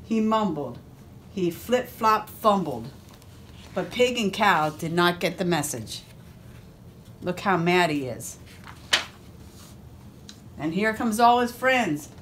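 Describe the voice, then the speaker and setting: A woman police officer reading a picture book aloud to a first grade class, expressive and adding asides to the children. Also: fairly low pitch, takes it slowly, pauses often, slight background noise.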